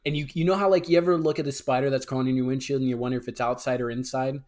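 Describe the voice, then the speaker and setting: A young man co-hosting a podcast, telling stories in an excitable, slangy way. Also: medium pitch, rapid-fire. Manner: excitable storyteller, says dude and bro. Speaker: podcast co-host. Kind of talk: casual chat.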